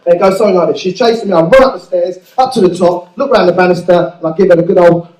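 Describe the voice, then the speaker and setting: A man's voice: high-pitched, very fast, a little mellow, echoey room, far from the mic, poor audio. A man doing a stand-up routine, telling a childhood story in a crude, self-mocking way. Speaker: stand-up comedian.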